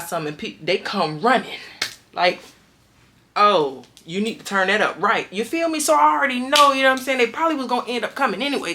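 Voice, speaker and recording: Young woman, animated storyteller, bright and slangy, leaps up high for quotes. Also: a little hiss or hum. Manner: emphatic, slangy, acts out quotes with big jumps in pitch. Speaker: vlogger telling a prison story.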